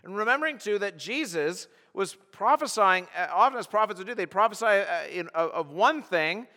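A man's voice: sits high, animated, normal speed, bright, forceful tone. A pastor preaching an expository sermon, earnest and emphatic, often restarting his phrases as he works through the text. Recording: long hall reverb.

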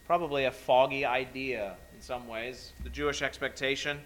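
A male pastor preaching a sermon, building to loud emphatic peaks and then dropping soft and low. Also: fairly even intonation, moderate pace, low-quality recording.

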